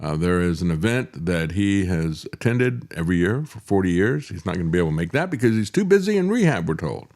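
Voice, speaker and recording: Sardonic low-voiced male show host. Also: sing-song, a little fast, a little mellow. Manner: sardonic, chuckling asides, frequent "uh" fillers. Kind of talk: political commentary show.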